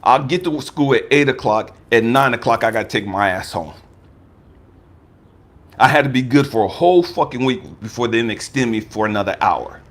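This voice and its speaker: An American man in his fifties, a life coach giving a personal testimony talk, emphatic and profane, swinging from raised outbursts to low murmurs. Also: moderate pace. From United States. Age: 50s.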